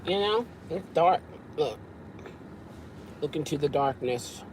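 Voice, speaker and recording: A woman hosting a casual live-stream chat from her parked car at night, with an animated, friendly way of talking. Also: low voice, slow, slight background noise, poor audio. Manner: lively, greets viewers warmly with laughs. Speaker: livestream host chatting with viewers.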